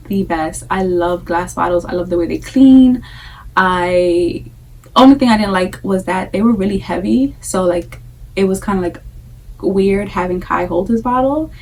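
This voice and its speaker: A young woman chatting candidly to her camera, talking in an easy, everyday way. She loops back and repeats phrases to drive a point home. Her voice sits at an ordinary pitch and sounds like it was picked up from a little way off the mic. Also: moderate pace, far from the mic, a little hiss or hum, poor audio. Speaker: vlogger, breastfeeding mom. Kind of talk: casual chat to camera.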